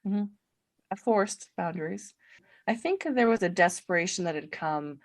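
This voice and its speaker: A woman's voice: fairly low pitch, lively intonation, moderate pace. A middle-aged woman, a podcast guest, telling her story in casual conversation, acting out quoted dialogue and laughing often.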